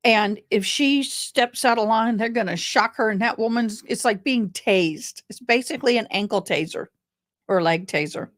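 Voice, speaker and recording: A woman's voice: fairly high pitch, normal speed, no echo, clean studio sound. A woman hosting casual crime commentary, chatty and rambling, often going off on tangents.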